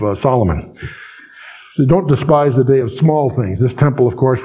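An older man teaching the Bible verse by verse. He reads scripture slowly and explains it with dry asides. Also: mid-range voice, warm tone.

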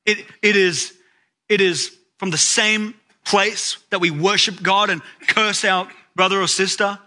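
A man's voice: high voice, steady tone, unhurried, sharp tone. A man preaching a sermon, telling a story with dramatic rises and sudden drops in his voice. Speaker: pastor.

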